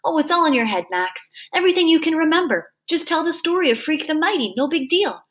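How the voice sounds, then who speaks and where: A bright, know-it-all boy from a storybook, sick in bed but still ordering everyone around, as a woman reader voices him. His voice sits high and small, with a whispery edge, and it snaps out teasing commands. The delivery is quick and bossy. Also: big pitch swings. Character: clever sickly boy, bossy and brave. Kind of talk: storybook reading aloud.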